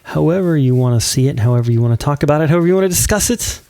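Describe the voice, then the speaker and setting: A man's voice: on the high side, animated, racing, gravelly, mellow, no room sound. A man hosting a let's play, chatting casually and giggling while he builds. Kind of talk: casual gameplay commentary.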